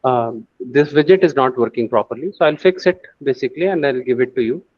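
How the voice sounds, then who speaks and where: A man's voice: mid-range voice, fairly quick, darkish tone, breathy edge, dry recording, muffled recording. A man teaching a screen-share coding lesson, thinking aloud with many fillers and restarts. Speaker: AI course instructor.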